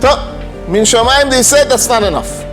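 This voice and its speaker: A man, a rabbi, telling a story in an animated way and mixing Hebrew and Yiddish terms into his talk. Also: very high voice, normal speed, over music. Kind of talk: storytelling lecture.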